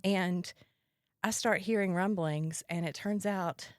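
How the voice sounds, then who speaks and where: A woman's voice: lowish voice, slow, no room sound, clean studio sound. A woman hosting a podcast, telling a personal story in a candid, wry way with a casual chat style. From Mississippi, US. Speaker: podcast host.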